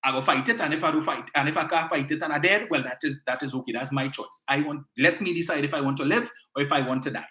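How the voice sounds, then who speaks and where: A man's voice: on the high side, fast, hardly any pauses, sharp tone, echoey room. A Trinidadian man playing a stubborn, defiant man who refuses the vaccine.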